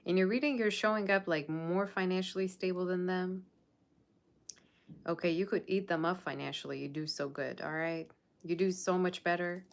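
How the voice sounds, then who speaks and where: A woman with a fairly low, creaky voice talks at normal speed during a casual tarot reading monologue. With a Persian Russian background, she is sassy and blunt, scolding her viewers about their standards.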